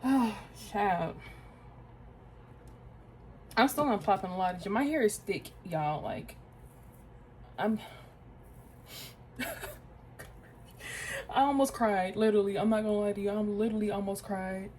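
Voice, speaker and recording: A woman's voice: mid-range voice, a little slow, long pauses, darkish tone, a little hiss or hum, poor audio. A woman in her twenties chatting casually to viewers while doing her hair, talking to herself as she goes and calling them y'all and girl. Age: 20s. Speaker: beauty vlogger. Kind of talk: casual get-ready-with-me chat.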